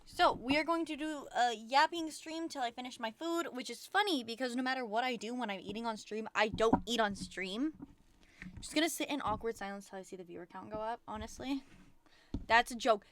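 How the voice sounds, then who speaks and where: A woman's voice: a little high, fairly quick, fairly bright tone, slight background noise. Profane venting young woman streamer. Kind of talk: casual chat stream.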